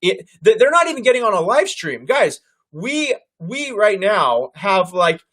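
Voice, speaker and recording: A man hosts a political livestream in casual commentary. He talks loudly and animatedly and keeps turning to his viewers as "guys". His voice sits high for a man. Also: big pitch swings, a little slow.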